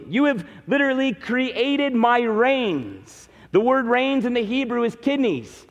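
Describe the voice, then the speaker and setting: A man preaching emphatically, walking through scripture verse by verse. His voice sits high, and it rings out with a long hall reverb on a dull, lo-fi recording. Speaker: pastor. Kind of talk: sermon.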